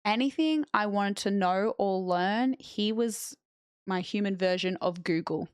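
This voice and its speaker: A woman's voice: mid-range voice, unhurried, smooth, dry recording. A young woman streamer chatting casually with her viewers and answering chat on a close mic.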